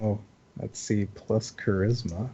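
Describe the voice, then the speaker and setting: A man's voice: on the low side, steady tone, slow, warm tone, breathy edge. Eager male player at a game table. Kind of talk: casual game talk. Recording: muffled lo-fi recording.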